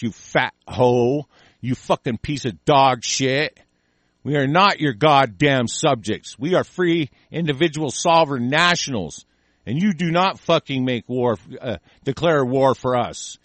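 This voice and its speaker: A man's voice: medium pitch, expressive, a little slow, fairly bright tone, dry recording. A man hosting a call-in show, delivering an angry, profane political rant in heated bursts.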